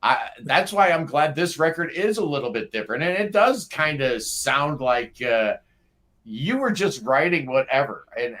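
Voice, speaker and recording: A man's voice: mid-range voice, a bit bright. A man hosting a casual interview show, chatty and joking with his guests. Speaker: podcast host.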